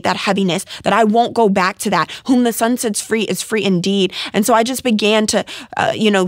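A woman's voice: medium pitch, no echo, studio quality. A woman in her twenties telling a personal faith testimony in an earnest, heartfelt way. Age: 20s. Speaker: testimony speaker.

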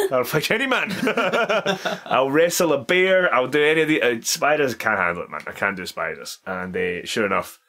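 A man's voice: mid-range voice, normal speed, few pauses. A young man, co-hosting a podcast and telling funny stories with laughter and swearing. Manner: animated storytelling with laughter and swearing. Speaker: podcast co-host. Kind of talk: casual chat among friends.

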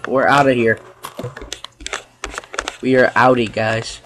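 A man giving casual gameplay commentary, chatting to viewers with sudden loud exclamations and sarcastic asides. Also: medium pitch, measured pace, noisy background. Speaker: let's play gamer.

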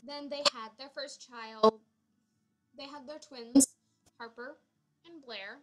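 A woman's voice: sits high, fairly even intonation, takes it slowly, pauses often, a little mellow, rough recording. A young woman giving casual, rambling commentary on her Sims family, full of fillers and self-corrections. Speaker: Sims player.

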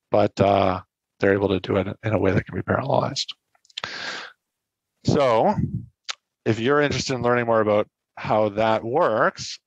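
A man with a fairly low voice gives a casual technical lecture, often stopping to rephrase and fill gaps with "uh" and "like". The recording sounds dull and lo-fi, and it is dry, with no room echo. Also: creaky. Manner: casual, self-correcting explanations with frequent fillers. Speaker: presenter. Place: online meetup talk.

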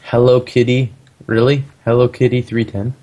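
A man's voice: mid-range voice, little pitch movement, moderate pace, warm tone. A man chatting casually while playing a game with friends, bossy and trash-talking as he calls out instructions. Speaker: gamer. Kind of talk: casual gameplay chat.

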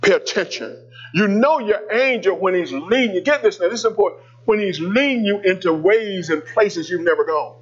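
Male pastor, sermon storytelling, husky, higher voice, dull lo-fi recording. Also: expressive, normal speed. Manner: conversational preaching with call-outs to the congregation.

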